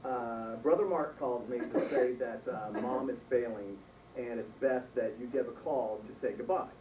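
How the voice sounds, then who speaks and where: At a funeral service hall, a middle-aged man delivers a eulogy for his mother, animatedly telling a funny family story broken up by frequent laughter. His voice is medium in pitch and his pace moderate. The recording is noisy and echoey, picked up from far off in the room.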